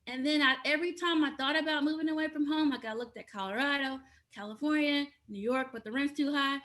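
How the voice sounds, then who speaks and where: A woman's voice: sits high, fast, a bit bright. A woman guest from Indiana in casual chat, rambling and breaking into giggles. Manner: rambling, self-interrupting, giggly.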